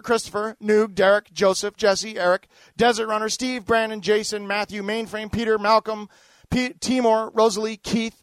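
The voice is a man's, high-pitched, a bit bright, and free of room sound. He's a middle-aged daily news host who rants angrily, swearing emphatically as he covers stories and plugs products.

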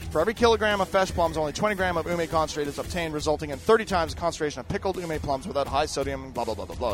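Pitched fairly high with a fairly bright tone, a middle-aged male host delivers profane, ranting news commentary on his daily show. He reads stories and pushes products with angry, emphatic swearing.

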